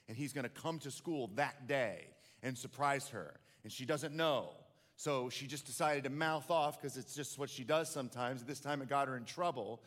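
A man's voice: mid-range voice, fairly bright tone, long reverb tail. A male pastor delivering a sermon, telling a story and building to passionate questions for the congregation.

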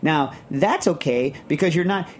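A man hosting a casual radio chat show in a studio, talking in a rambling, emphatic, animated way. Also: fairly high pitch, moderate pace.

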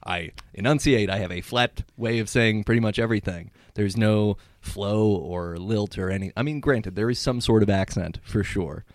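A man's voice: fairly low pitch, normal speed, few pauses, dry recording, clean studio sound. A man from Colorado with a General American accent, hosting a casual podcast chat in a self-deprecating, talkative way, full of verbal tics. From Colorado, USA. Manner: self-deprecating, chatty, heavy on "yeah" tics. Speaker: podcast host.

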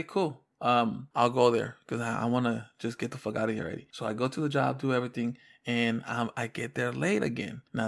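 Brief: young male podcast co-host, gravelly fry in the voice, loose and profane storyteller. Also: medium pitch. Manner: storytelling, swears freely, acts out both sides of dialogue. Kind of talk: casual podcast chat.

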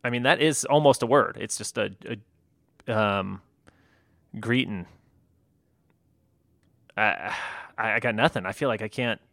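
Gravelly, bright-voiced laid-back man. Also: on the low side, unhurried, long pauses, no room sound, studio quality. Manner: laid-back, many fillers and restarts, laughs easily. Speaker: podcast co-host. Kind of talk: casual chat.

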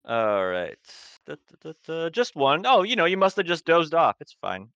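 Bright, crisp-voiced man running the game. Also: a little high, very animated, dry recording, lo-fi sound. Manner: halting, repeats words while improvising. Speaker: game master. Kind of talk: running a tabletop horror game.

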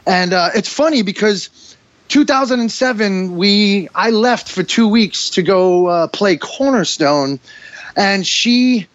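Expressive and slow, a New Yorker in his forties talks casually as a podcast guest, wandering through the conversation in a relaxed way. His voice sits high and a bit bright, captured in a dull, dry, lo-fi recording.

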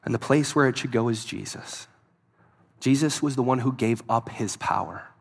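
A man's voice: mid-range voice, normal speed, vocal fry, breathy edge. A man preaching a sermon, telling a story in an earnest voice that swells and drops for emphasis. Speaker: pastor.

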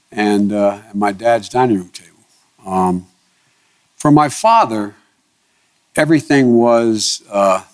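Earnest man telling family stories. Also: fairly low pitch. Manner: earnest, emphatic, halting with frequent restarts. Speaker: interview guest, politician. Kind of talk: reflective personal storytelling.

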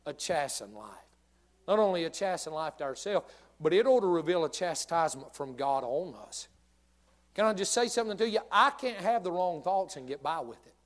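Preacher guy, high voice, jokey animated sermon. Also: normal speed. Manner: animated, humorous storytelling. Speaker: pastor.

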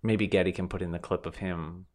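A man hosting a podcast, recapping a film in relaxed, wry casual chat with lots of fillers. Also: deep voice, brisk. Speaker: podcast host.

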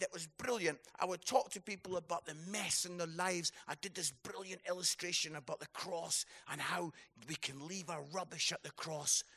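A man's voice: high-pitched, creaky, sharp tone. A man preaching at a conference, telling a story and building to a passionate call. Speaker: speaker. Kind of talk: conference sermon. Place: conference hall.

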